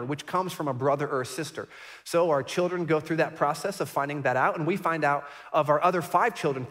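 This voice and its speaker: A man's voice: a little high, a bit bright, big-room sound. A middle-aged man, a pastor, preaching a sermon and telling a personal story in an earnest, reflective way, often repeating and restarting his words. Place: church sanctuary.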